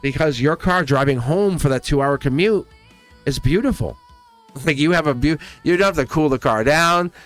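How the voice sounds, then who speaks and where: A man's voice: on the high side, animated, moderate pace, fairly bright tone, faint music behind. A man giving a casual tarot reading, rambling in loops, restarting phrases and chuckling as he talks. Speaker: tarot reader.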